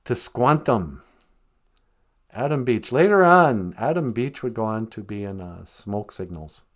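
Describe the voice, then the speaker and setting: A man from Minnesota hosting a casual, jokey live-stream podcast, sounding out words slowly and carefully. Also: on the low side, lively intonation. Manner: playful, jokey, teaches words with slow careful pronunciation. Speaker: podcast host.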